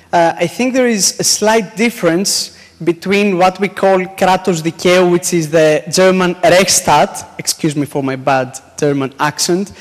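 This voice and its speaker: A high-pitched man asks a question from the floor, pausing and searching for words as he goes. His voice echoes through the long reverb of a large hall. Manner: hesitant, halting. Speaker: audience questioner.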